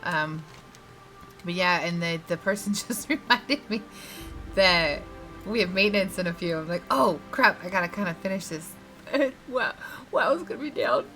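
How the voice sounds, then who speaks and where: A woman's voice: fairly low pitch, expressive, normal speed, fairly bright tone, poor audio. A woman vlogging casually while she plays a game, rambling and laughing often. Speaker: gaming vlogger. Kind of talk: casual chat while playing. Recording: faint game music behind.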